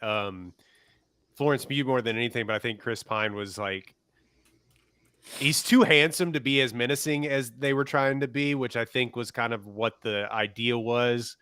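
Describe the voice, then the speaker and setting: Smooth, laid-back man on a dry mic. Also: mid-range voice, moderate pace, pushed and bright, dry recording. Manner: laid-back, hesitant with ums. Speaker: podcast co-host. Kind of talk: casual movie review chat.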